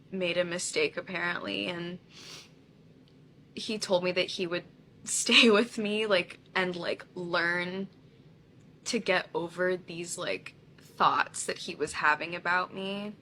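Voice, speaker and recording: A woman's voice: on the low side, fairly even intonation, slow, pushed and bright, a little hiss or hum. A woman content creator candidly telling a personal story to camera, often laughing as she talks. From India.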